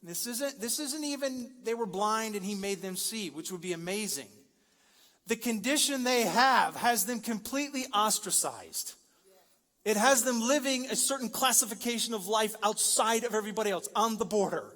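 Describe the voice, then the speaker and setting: In a big church hall thick with reverb, a pastor preaches at a moderate pace in a high, sharp voice. He keeps the sermon conversational and joking, building up to emphatic high points.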